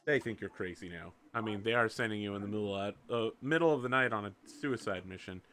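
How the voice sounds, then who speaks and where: Bright-voiced male game master. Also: lowish voice, slight background noise. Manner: playful, quick narration with laughs. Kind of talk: narrating a tabletop game.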